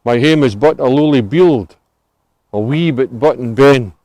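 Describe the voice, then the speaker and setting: A Scottish man reciting Scots dialect poetry outdoors on a cemetery tour, with a measured, relishing delivery. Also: mid-range voice, a little mellow, dry recording. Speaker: tour volunteer reciting poems.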